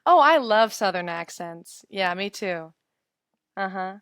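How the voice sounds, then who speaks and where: Young woman in her twenties, chatty webinar teacher, giggly, smooth dry close-mic sound. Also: medium pitch, lively intonation, slow, a bit bright, dry recording. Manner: chatty, giggly, answers viewer comments. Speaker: English teacher. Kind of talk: casual live webinar chat.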